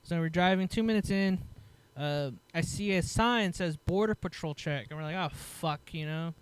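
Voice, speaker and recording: A man's voice: sits high, moderate pace, clean tone. A man telling a story in casual chat, swearing often and acting out what other people said. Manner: animated, swears a lot, laughs, acts out other people's lines. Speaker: podcast host telling a story.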